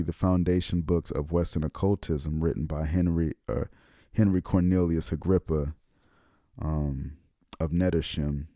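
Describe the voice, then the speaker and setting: Deep-voiced man giving a loose, profane lecture. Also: warm tone, no echo, studio quality. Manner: loose, profane, slangy talk with many ums; slows down to read passages aloud. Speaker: occult lecturer, channel host. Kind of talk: casual spoken lecture.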